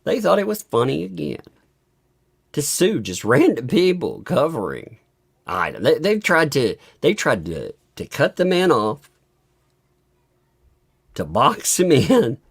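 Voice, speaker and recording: A man's voice: measured pace, creaky, long pauses, slightly rough. A man hosting a casual live stream, commenting and chuckling often as he talks. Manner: chuckles often through his talk; animated, swinging up and down in pitch.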